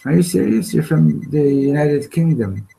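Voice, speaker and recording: A man leading an informal Torah class, halting and restarting often, slipping Hebrew terms into his English. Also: fairly high pitch, lively intonation, creaky, mellow, slightly rough, poor audio. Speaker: Torah teacher. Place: study hall classroom.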